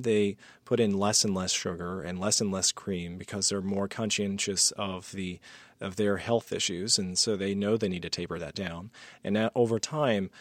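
Low-voiced man hosting a chat show. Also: no echo. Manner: curious, long thoughtful questions. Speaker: podcast host. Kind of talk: casual interview chat.

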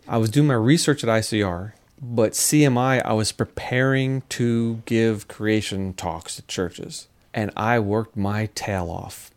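A middle-aged man, a scientist and speaker, talking casually in an interview and telling lively stories. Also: mid-range voice. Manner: animated storyteller, acts out quotes, laughs often.

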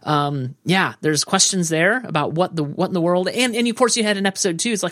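A co-host in a casual show recap, thinking out loud and often trailing off unsure. The voice sits at an ordinary middle pitch. It is recorded dry and close, with no room echo. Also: quick pace, hardly any pauses. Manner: musing, hedging, often trails off with "I don't know".

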